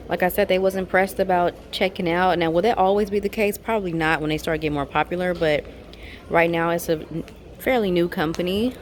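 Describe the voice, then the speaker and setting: A woman with a low voice records a casual travel vlog in an airport, talking to her audience in a chatty, expressive way. Loud airport noise sits clearly behind her voice. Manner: chatty, expressive, venting frustration. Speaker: travel vlogger. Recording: noisy airport ambience.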